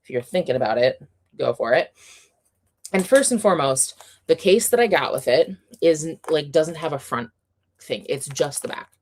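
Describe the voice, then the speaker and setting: A young adult woman hosting a livestream, chatting casually and excitably with viewers, with many fillers and frequent laughter. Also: deep voice, normal speed. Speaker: livestream host.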